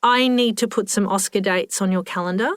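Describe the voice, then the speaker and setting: A woman voicing a polite but impatient grown daughter who keeps her answers brisk. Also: mid-range voice, no echo, studio quality, lightly acted. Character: modest, impatient adult daughter.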